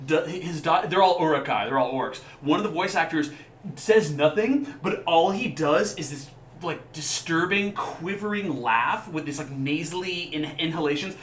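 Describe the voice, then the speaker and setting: A man's voice: on the high side, moderate pace, fairly bright tone, roomy sound, a little hiss or hum. A man co-hosting a casual podcast, talking enthusiastically and rambling between points. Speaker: podcast co-host. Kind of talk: casual chat.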